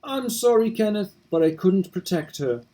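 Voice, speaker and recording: A man reading aloud as a dying young woman who gently forgives her husband, soft and pleading. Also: high voice, lively intonation, pitched above the performer's own voice. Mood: tender. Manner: soft, pleading, slowing into hushed lines. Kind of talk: reading game dialogue aloud.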